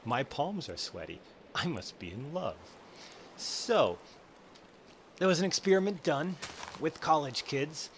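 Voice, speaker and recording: A man's voice: medium pitch, a little hiss or hum. A young man hosting a casual explainer while playing a game, telling stories and acting out what people are thinking. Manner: storytelling, acts out inner voices. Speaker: host. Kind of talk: casual explainer over gameplay.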